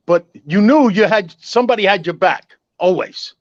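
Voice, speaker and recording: A man's voice: high-pitched, animated, normal speed, no echo, highs cut off. An older man chatting casually as a guest, nostalgic and rambling, often calling people "man.". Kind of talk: casual chat.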